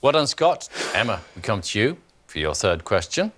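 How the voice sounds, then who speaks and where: A man's voice: lowish voice, big pitch swings, normal speed, background noise. A man hosting a TV quiz show in a studio, reading out questions and congratulating contestants in an upbeat way.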